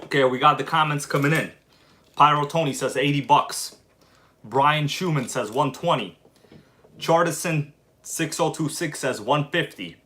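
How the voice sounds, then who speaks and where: A man hosting a casual live stream and chatting with his audience, animated and quick to flare up with irritation. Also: fairly high pitch. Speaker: livestream host.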